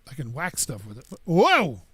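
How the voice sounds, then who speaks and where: A high-pitched man chats his way through a building game, rambling loosely to himself and to viewers. His voice sits close and dry on the mic, with no room sound around it. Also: expressive, fairly quick, a bit bright, dry recording. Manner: rambling, chatty, talks to himself and chat. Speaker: gaming streamer. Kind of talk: casual gameplay commentary.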